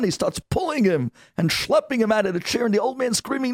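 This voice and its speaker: Gravelly-voiced man telling a story. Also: sits high, fast, few pauses, dry recording, clean studio sound. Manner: animated, expressive storytelling. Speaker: radio storyteller. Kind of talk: storytelling on radio.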